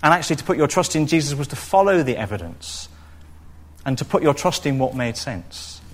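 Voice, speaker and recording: A man preaching a sermon, expressive and storytelling, now and then acting out what people in the story say. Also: on the high side, fairly quick. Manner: expressive, acts out quoted voices.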